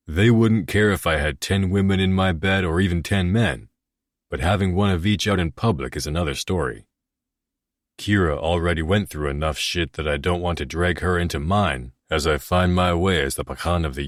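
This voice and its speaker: A man's voice: very deep voice, no echo, studio quality. A man narrating a first-person romance audiobook in a brooding, self-critical way.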